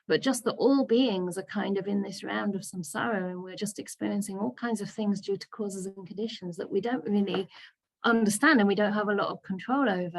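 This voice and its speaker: A Buddhist nun leading a discussion group over a video call, answering questions in a thoughtful, laughing way. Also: female voice, mid-range voice, creaky. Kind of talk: casual teaching discussion.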